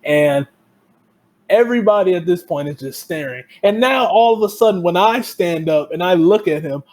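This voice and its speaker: A man's voice: sits high, animated, normal speed, darkish tone. A young man telling a heated, profane story in a casual podcast chat. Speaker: podcast co-host.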